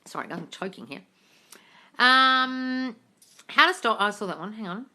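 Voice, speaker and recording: A woman's voice: on the high side, expressive, measured pace, bright, forceful tone. A woman doing a casual live Q&A, reading viewer questions aloud and answering them in a breezy, blunt way, calling people darling and swearing offhandedly. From Australia. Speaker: manifestation coach on a live stream.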